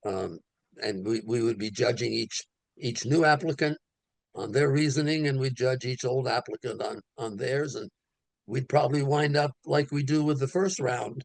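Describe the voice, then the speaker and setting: A man's voice: medium pitch, moderate pace, gravelly, dry recording. A man on a town committee, explaining his reasoning step by step in a meeting. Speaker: committee member.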